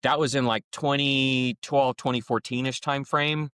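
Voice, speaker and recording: A man's voice: medium pitch, a little slow, clear, resonant tone. A man hosting a podcast, telling a story in a casual, chatty way and acting out the dialogue. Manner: chatty, acts out quoted dialogue with lively voices. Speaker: podcast host.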